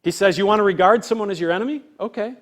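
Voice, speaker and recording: A male pastor delivers an earnest sermon in a fairly high voice. He talks to the congregation conversationally, leaning on rhetorical questions. When he acts out quoted voices, he swings from loud declarations to near-hushed lines. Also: racing.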